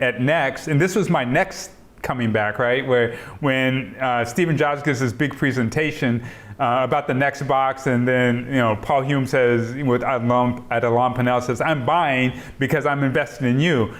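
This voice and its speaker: A middle-aged man telling stories in an oral history interview over a video call, acting out the dialogue and laughing often. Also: mid-range voice. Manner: animated storyteller, acts out quoted dialogue, laughs often. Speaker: interviewee, software entrepreneur.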